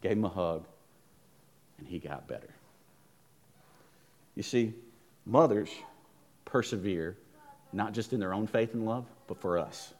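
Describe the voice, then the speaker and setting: A man preaching a sermon as pastor, telling stories emphatically and swinging between loud emphasis and hushed lines. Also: fairly low pitch, measured pace, long pauses.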